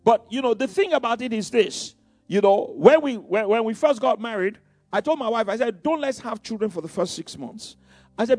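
A man's voice: very high-pitched, no echo. A middle-aged man preaching a sermon in a conversational way, with many asides and repeated phrases.

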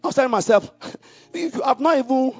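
A man with a strikingly high voice preaches a sermon, swinging from soft murmurs to loud, emphatic calls and repeating key phrases for the congregation. The sound is dry and dull, with faint music underneath. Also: lively intonation, fairly quick, slightly rough, no room sound.

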